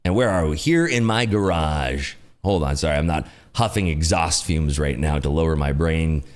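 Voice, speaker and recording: A man's voice: rumbling low, normal speed. A man hosting a casual livestream from his garage, joking, laughing often and repeating catchphrases. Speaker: livestream host. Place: home garage.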